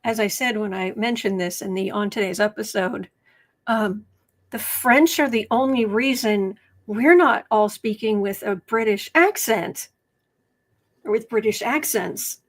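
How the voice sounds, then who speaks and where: Slow-talking sardonic woman streamer. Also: mid-range voice. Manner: chatty, sardonic, reads chat aloud. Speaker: tarot reader and political commentator. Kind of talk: casual livestream commentary.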